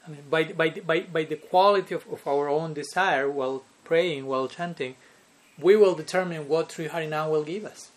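With a fairly high voice and moderate pace, this man teaches a devotional lecture as a spiritual teacher. Between points he chuckles frequently, repeatedly checking in with "no?" and "okay?"

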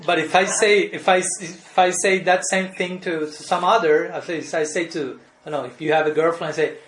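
Male spiritual teacher, fairly high voice, halting, repeats himself, roomy echo on the line. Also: a bit bright, a little hiss or hum. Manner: halting, restarts phrases, ends points with a questioning "no?"; chuckles between points. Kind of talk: devotional lecture answering questions on a call. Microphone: group call.

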